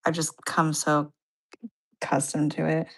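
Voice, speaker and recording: Low gravelly woman chatting casually. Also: completely flat delivery, measured pace. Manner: chatty, peppered with "like". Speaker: livestream co-host. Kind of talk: casual chat.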